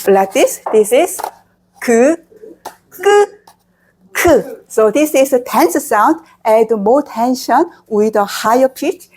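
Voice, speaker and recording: Slow, patient Korean-accented woman teacher. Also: a little high, darkish tone. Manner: drills sounds, repeating syllables for learners. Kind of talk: slow, patient pronunciation lesson.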